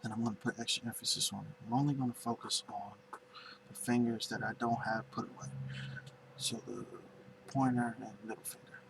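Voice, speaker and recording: A man teaching finger drumming in a casual tutorial, unhurried and searching for words as he demonstrates on pads. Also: on the low side, level tone, vocal fry, background noise.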